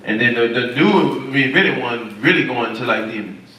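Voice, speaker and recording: A man's voice: medium pitch, normal speed, sharp tone. Man, casual Bible study teacher, echoey room, distant from mic. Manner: casual, questioning the group, informal speech.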